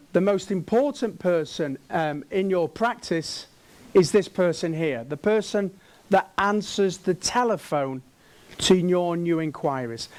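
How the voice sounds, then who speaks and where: High-voiced, slow English man on stage. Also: a little mellow. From England. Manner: jokey, asks the room questions. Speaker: keynote speaker and sales trainer. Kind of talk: conference talk with audience questions.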